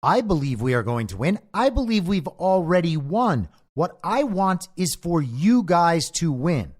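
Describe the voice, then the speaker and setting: A man's voice: on the high side, very animated, unhurried. A man hosting a political commentary show, delivering an earnest, emphatic solo monologue.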